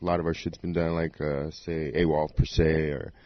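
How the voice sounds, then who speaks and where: A man's voice: very deep voice, flat delivery, brisk, no echo, dull audio. A man, a DJ guest on a podcast, telling stories in a laid-back, slangy way. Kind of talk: casual interview talk.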